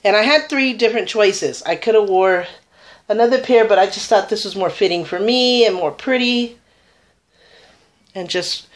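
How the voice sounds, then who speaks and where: A woman's voice: medium pitch, normal speed. Chatty woman doing a makeup tutorial. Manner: chatty, rambling, enthusiastic about products. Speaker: beauty vlogger. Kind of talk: casual makeup tutorial chat.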